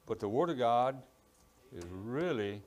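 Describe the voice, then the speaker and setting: A man's voice: medium pitch, expressive, a little slow, darkish tone. A man with a Cajun accent preaching a sermon in church. He has a strong voice and rambles, apologizes and stumbles over his words. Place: church in East Texas.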